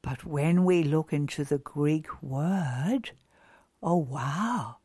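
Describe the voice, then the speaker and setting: A woman giving a devotional talk to mothers, gushing and emphatic, drawing her words out with many exclamations and dropping to soft whispers on key words. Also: low voice, husky, dry recording. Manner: slow and drawn out, with many exclamations.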